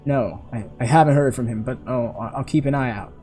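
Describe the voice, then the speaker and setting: Guy voicing a brooding young soldier, short answers, soft mellow tone. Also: medium pitch, fairly quick, faint music behind, lightly acted. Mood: shaken. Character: brooding young male soldier, guarded and terse.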